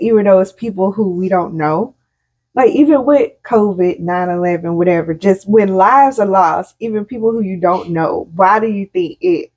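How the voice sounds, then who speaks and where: A woman with a husky voice leads a casual conversation with lively rises and falls in pitch. She asks questions and reacts with strong feeling. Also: highs cut off. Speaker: podcast co-host. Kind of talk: casual chat.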